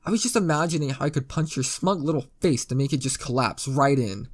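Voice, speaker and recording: A furious teenage girl with a gruff, clipped way of answering, voiced by a man reading a story aloud. She spits out short replies, seething with anger. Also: mid-range voice, brisk, lightly acted. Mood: angry.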